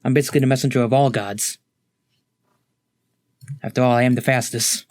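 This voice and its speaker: A man voicing a smug, cocky male trickster god who talks quickly. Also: medium pitch, steady tone, darkish tone, no echo, clean studio sound, lightly acted.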